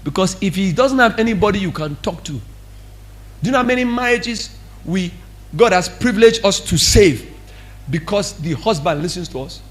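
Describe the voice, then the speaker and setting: A man preaching a sermon as pastor, animated and acting out what people say. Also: sits high, moderate pace. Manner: animated, acts out quoted speech.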